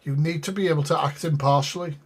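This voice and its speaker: A man's voice: a little high, fairly even intonation, fast talker, slightly rough. A man giving sweary, exasperated live reaction commentary and talking to his chat. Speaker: streamer reacting to a live stream.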